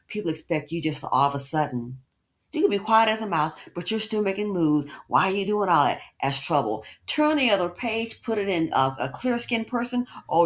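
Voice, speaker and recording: A woman hosts a reaction commentary with a fairly low voice that swoops up and down. She is expressive and often repeats words as she works through a thought. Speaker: commentary channel host.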